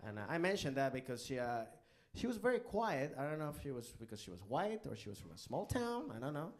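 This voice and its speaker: A man doing a live stand-up comedy set on a club stage, animated and bursting into loud character voices. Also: medium pitch, quick pace.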